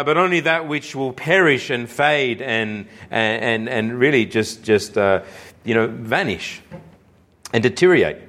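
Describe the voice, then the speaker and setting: A man preaching a sermon, slow and emphatic, with deliberate pauses and key phrases that drop low and quiet. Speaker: pastor.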